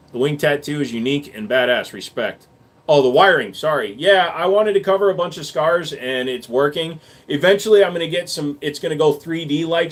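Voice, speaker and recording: A man hosting a casual livestream, answering viewers' chat questions in a blunt, offhand way with plenty of jokes. His speaking voice sits a little on the high side.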